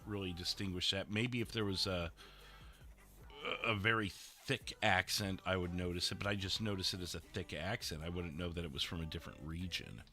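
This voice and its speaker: A man with a Midwestern accent chats on a live stream. His voice sits low but comes through bright and forward. He rambles and doubles back often, and soft music plays underneath. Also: steady tone. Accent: Midwestern American. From American Midwest. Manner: rambling, halting with many fillers and restarts. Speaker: streamer and roleplay dispatcher. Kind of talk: casual chat. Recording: faint music behind.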